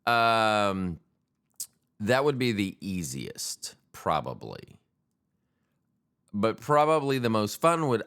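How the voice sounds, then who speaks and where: A man with a very low voice hosts a solo podcast in a casual comic monologue. He talks slowly and rambles, poking fun at himself with crude jokes. His pitch swings widely from phrase to phrase. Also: fairly bright tone. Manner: rambling, self-deprecating, crude humor. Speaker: podcast host.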